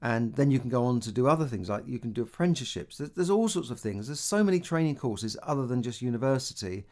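Animated and fast with a darkish tone, this middle-aged Cockney money advice host from London rambles through a casual take on money and opportunity. His pitch is an everyday male mid-range, and he keeps restarting and leaning on "you know."

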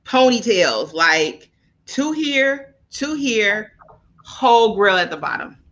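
A woman co-hosting a podcast, telling a travel story in an animated, profane, laughing way. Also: medium pitch, takes it slowly, dull audio. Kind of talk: casual storytelling chat.

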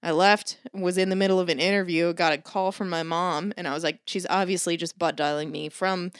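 A woman's voice: fairly low pitch, fairly even intonation, brisk, clean tone, dry recording, clean studio sound. A woman casually telling a long story in a podcast chat, swearing freely and mimicking the people she quotes. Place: Los Angeles area.

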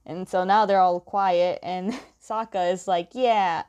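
A woman's voice: lowish voice, fairly even intonation, unhurried, darkish tone, clean tone, highs cut off. A young woman casually recapping a story, chatty and laughing often, with lots of filler words. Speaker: comic recap host.

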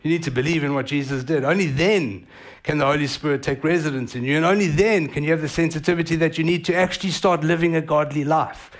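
It's a sermon from a man whose voice runs slightly high; the pastor's delivery is animated, punctuated by brief casual asides.

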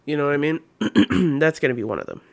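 A man's voice: a little high, big pitch swings, fast, gravelly, darkish tone. A man co-hosting a casual podcast while a little under the weather, rambling with lots of "you know what I mean" and "like". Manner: rambling, filler-heavy. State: a little sick, coughing. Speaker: podcast co-host. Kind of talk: casual chat.

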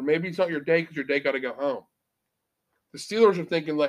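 A man co-hosting a casual sports podcast, his voice pitched a little high. He banters in a brash, joking way and swears freely. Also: a little fast, pauses often.

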